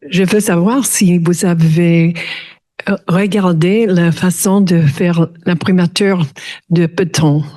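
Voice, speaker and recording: A woman in the audience asking a question at a lecture, pausing often to search for words. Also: fairly low pitch, fairly even intonation, mellow. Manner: searching for words, many fillers.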